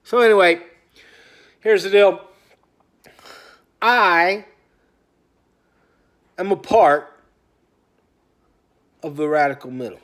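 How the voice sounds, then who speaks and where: A man in a rambling, casual rant to his phone camera at home, often stopping himself and trailing off into quiet mutters. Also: high voice, animated, takes it slowly, long pauses. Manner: talkative, self-interrupting, drifts off into quiet mutters. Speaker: vlogger. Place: at home on a couch.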